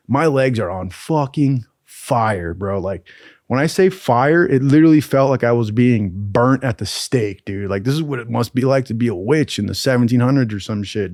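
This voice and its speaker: A man's voice: mid-range voice, darkish tone, dry recording, clean studio sound. Profane laid-back man telling stories. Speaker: storyteller. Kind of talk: casual storytelling.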